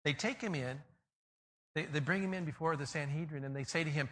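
A male pastor preaching a sermon, telling the story in an animated way and swinging between loud peaks and quiet passages. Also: a little high, brisk.

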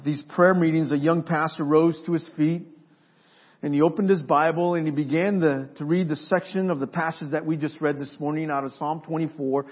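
A man preaching a sermon as pastor, pausing for effect and building to forceful emphasis. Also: on the high side. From Mexico. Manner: preaching with dramatic pauses and rising emphasis. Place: church sanctuary. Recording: dull lo-fi sermon recording.

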